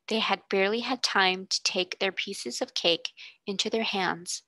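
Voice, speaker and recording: A woman tutor reading a classic children's novel aloud with steady, expressive narration. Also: mid-range voice, unhurried, no echo. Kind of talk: storybook reading.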